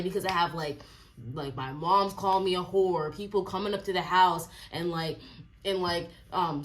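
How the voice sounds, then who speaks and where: A woman in her twenties telling a casual storytime, chatty and animated, with lots of filler likes. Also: mid-range voice. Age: 20s. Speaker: vlogger.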